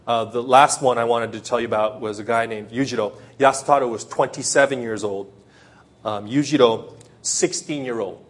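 A man's voice: mid-range voice, steady tone, fairly quick. A man preaching a sermon in a church in Japan, retelling stories with frequent restarts and self-corrections. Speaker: pastor.

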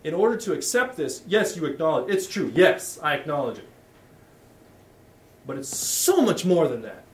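In an echoey church hall, a middle-aged pastor's sermon comes across distantly. He speaks at normal speed on the high side with big pitch swings, keeping things candid and conversational and often restarting his sentences.

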